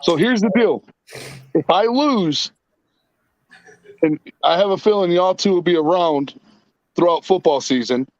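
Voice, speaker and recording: A man's voice: high voice, expressive, unhurried, pauses often, a little mellow, no echo, dull audio. A man hosting a casual podcast, telling stories and swearing freely. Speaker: podcast host. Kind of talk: casual profane banter.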